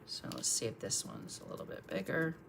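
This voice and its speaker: A woman's voice: rumbling low, huge pitch swings, a little fast, vocal fry, fairly bright tone, a little hiss or hum. A woman art instructor chatting through a live painting tutorial, thinking aloud as she works and thanking viewers for their comments.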